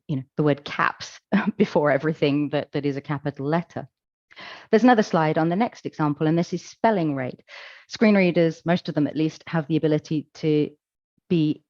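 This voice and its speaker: A woman's voice: low-pitched, darkish tone, no room sound, muffled recording. A woman giving a conference talk, explaining things step by step with casual asides. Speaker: accessibility conference speaker.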